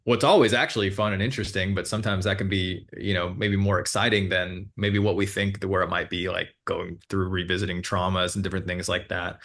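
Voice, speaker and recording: A man with a lowish voice explains hypnotherapy sessions as an interview guest. He talks in a relaxed, meandering way, full of fillers and restarts. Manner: relaxed, meandering, with many fillers and self-corrections.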